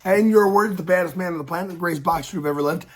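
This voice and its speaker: A man's voice: high voice, rapid-fire. A man giving rambling, worked-up reaction commentary on a fight, talking casually to his viewers with frequent restarts. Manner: rambling, repeats words, gets worked up.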